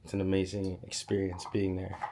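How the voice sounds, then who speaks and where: A young man, hoarse from being sick, chatting casually as he gives a room tour. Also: low-pitched, completely flat delivery, brisk, mellow, slight background noise. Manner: chatty, lots of "like" and "so". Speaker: YouTuber giving a room tour. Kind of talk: casual vlog walkthrough.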